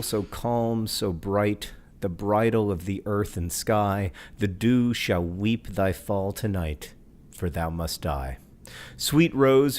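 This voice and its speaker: Man, low voice, podcast co-host, measured poetry reading, quick hesitant asides. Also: darkish tone. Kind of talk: reading poems aloud and casual chat.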